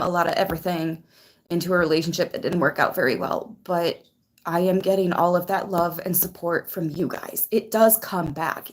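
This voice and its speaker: On her tarot channel's livestream, a woman with a lowish voice is emotional and almost crying. Chatting casually, she thanks viewers gratefully and greets them by name as host and reader.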